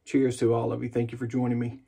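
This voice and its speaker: A man's voice: medium pitch, quick pace, creaky, very noisy. A man chatting casually and jokingly as he narrates his own shave in a vlog. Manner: relaxed, chatty and jokey while shaving. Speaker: wet shaving vlogger.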